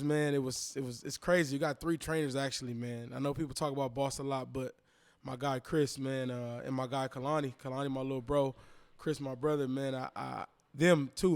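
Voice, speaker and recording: A man in his thirties, a podcast guest, telling a personal story in a casual, animated way and acting out the voices he quotes. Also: medium pitch, clear, resonant tone. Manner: animated, acts out quoted voices, repeats phrases.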